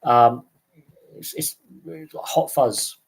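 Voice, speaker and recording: A man's voice: medium pitch, takes it slowly, creaky, slightly rough. A man hosting a casual livestream, rambling with fillers, his voice starting to go after hours of talking. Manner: rambling, many fillers and restarts. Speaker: livestream host.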